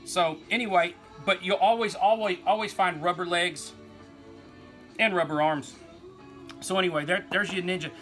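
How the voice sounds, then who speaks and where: A man's voice: sits high, steady tone, moderate pace, a bit bright, soft background music. A man with an East Texas accent, hosting a toy collecting vlog in a folksy, rambling way. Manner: rambling, folksy, says y'all, laughs easily. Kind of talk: casual rambling toy talk.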